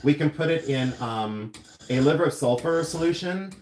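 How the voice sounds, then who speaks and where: A man's voice: fairly high pitch, lively intonation, moderate pace, a little mellow, reverberant. A man hosting a live silversmithing stream, chatting and telling rambling stories while he works. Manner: chatty, rambling storyteller who goes on tangents. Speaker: silversmith livestream host. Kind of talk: casual chat while demonstrating jewelry making. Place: jewelry studio.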